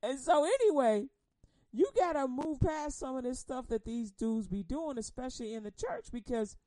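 A woman preaching a humorous sermon, telling animated stories, laughing often and acting out quotes in casual slang. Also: high-pitched, normal speed, no echo.

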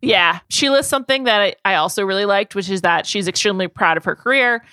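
Bright, dry-sounding woman podcaster. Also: medium pitch, quick pace, clear, resonant tone, no room sound. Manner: enthusiastic, rambling, heavy "like" fillers. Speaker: podcast co-host. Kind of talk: casual chat.

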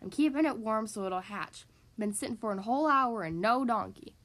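A woman's voice: fairly high pitch, animated, moderate pace, a bit bright, voice pushed down. A woman voicing a grumpy old male bear who growls and grumbles, in a children's storybook reading. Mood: stubborn.

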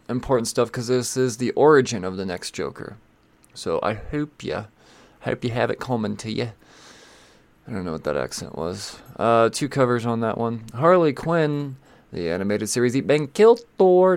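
A man's voice: medium pitch, smooth, no echo. A man hosting a casual rundown of new comic releases, rambling, stalling and swearing as he scrolls through his list. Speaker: comic book shop host.

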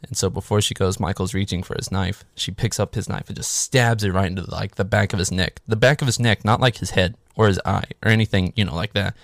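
A man talks through a film's plot in a loose, sarcastic way, swearing freely and padding his sentences with fillers. His voice sits low with a gravelly fry, recorded dry and close. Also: fairly even intonation, a little fast, hardly any pauses, no echo. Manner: sarcastic, profane, rambling with many "like" fillers. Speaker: movie recap host. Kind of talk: casual spoken film recap.

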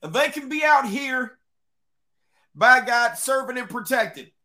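A man's voice: very high voice, animated, a little slow, pushed and bright, pitched above the performer's own voice, heavily acted. A man putting on a folksy rural man's voice, in an exaggerated country drawl. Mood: blustering.

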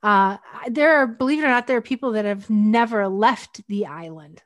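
A woman's voice: medium pitch, normal speed, dry recording, studio quality. A woman from Northwestern Pennsylvania hosting a casual interview, telling stories in a chatty way and laughing easily. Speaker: podcast host.

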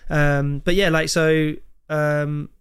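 A man's voice: a little high, slow pace, clear, resonant tone. A man in his thirties, a goalkeeper guest on a podcast, telling stories in casual chat and acting out the quoted lines. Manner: animated anecdotes, acts out quoted lines.

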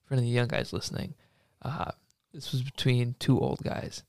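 A young man telling a workplace story in casual chat, acting out the quotes loudly and laughing often. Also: mid-range voice, brisk, creaky, no echo, clean studio sound.

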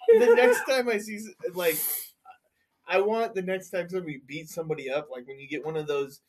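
A man co-hosting a crude casual chat, rambling with halting restarts and laughing along. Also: sits high, very animated. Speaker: podcast co-host.

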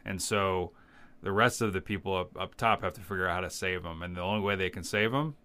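A man in his fifties, a podcast co-host, telling a movie plot in rambling, animated casual chat. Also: low voice, a little fast, clear, resonant tone. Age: 50s.

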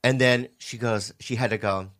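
A man's voice: medium pitch, fairly even intonation, moderate pace, fairly bright tone. A middle-aged man co-hosting a podcast in casual chat, telling stories animatedly and laughing often. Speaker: podcast co-host.

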